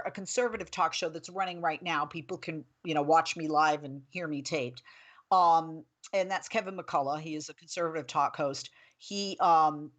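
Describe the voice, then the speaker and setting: A woman in her forties hosting a political talk show, chatting and telling stories in an animated way. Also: fairly low pitch. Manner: chatty, animated storytelling with laughs.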